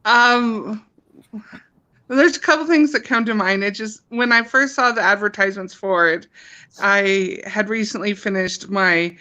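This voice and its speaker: A woman's voice: medium pitch, a little slow, bright, forceful tone, dull audio. A woman from a show's cast telling a story in an enthusiastic, chatty way during a casual reunion call. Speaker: cast member.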